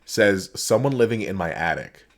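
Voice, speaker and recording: A man's voice: sits low, animated, normal speed. A man co-hosting a casual podcast, telling rambling stories and laughing often. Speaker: podcast co-host. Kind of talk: casual chat.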